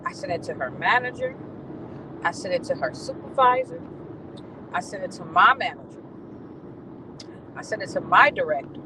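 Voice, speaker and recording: Woman, vlogger, casual venting, profane, swooping lively pitch, car ride, faint traffic hum. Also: normal speed, pauses often. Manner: animated, profane storytelling.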